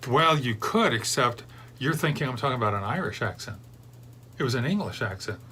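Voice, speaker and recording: A man's voice: mid-range voice, animated, a little fast, bright, forceful tone, a little hiss or hum. A middle-aged man hosting a beer review show, chatting casually and drifting off into long digressions. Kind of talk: rambling casual chat.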